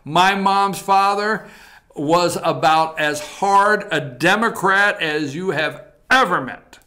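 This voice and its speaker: A man hosts a talk show in a bright, forceful voice. His pitch sits a little high for a man, and he talks in a blunt, folksy way, straight to his viewers. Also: slow pace. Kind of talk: political opinion talk show. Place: TV studio.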